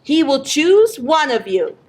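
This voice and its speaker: A woman reading aloud, voicing a calm, matter-of-fact train conductor in a storybook tale. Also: high voice, slow pace, exaggerated voice. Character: kindly older man, train conductor.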